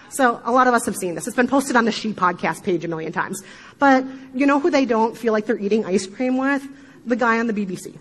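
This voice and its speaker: A middle-aged woman with a Midwestern accent, giving an animated talk to a live audience, with emphatic asides and frequent laughter. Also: fairly high pitch, low-quality recording. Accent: Midwestern American. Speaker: podcast speaker giving a talk.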